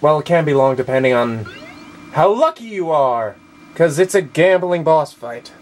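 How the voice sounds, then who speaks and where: A man commenting on his gameplay, shouting moo on a dare and swearing with excitement. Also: fairly high pitch, moderate pace, a little hiss or hum. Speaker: let's play gamer. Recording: game music behind the voice.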